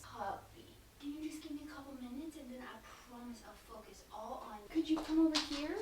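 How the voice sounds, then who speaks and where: A woman hosting a casual reaction vlog, chatty and self-deprecating, who often drops to a soft whisper and coos baby talk to her pets. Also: high-pitched, brisk, hardly any pauses, a little hiss or hum. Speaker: reaction video host.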